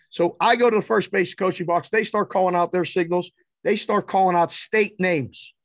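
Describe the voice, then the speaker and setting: A middle-aged man hosting a podcast, telling a casual story in an animated, profane, self-deprecating way. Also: high voice, normal speed, creaky, no echo, studio quality. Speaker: podcast host.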